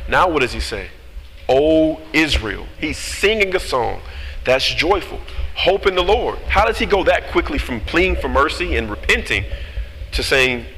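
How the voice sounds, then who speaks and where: A male pastor delivering a sermon with animated rhetorical questions. His mid-pitched voice echoes through a long church-hall reverb. A steady background noise sits under every word.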